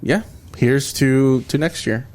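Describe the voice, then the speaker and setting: A man's voice: mid-range voice, slow pace, a little mellow. A young man hosting a casual podcast, joking and swearing, calling everyone bro. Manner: laid-back, joking, swearing, says bro a lot. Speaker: podcast host. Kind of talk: casual chat. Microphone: podcast mic.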